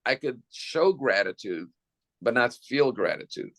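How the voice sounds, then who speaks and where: Male rabbi, mid pitch with a gravelly edge, teaching style, talks straight to the congregation. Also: sing-song, a little slow, fairly bright tone. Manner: explanatory, addresses listeners directly with rhetorical questions. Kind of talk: sermon.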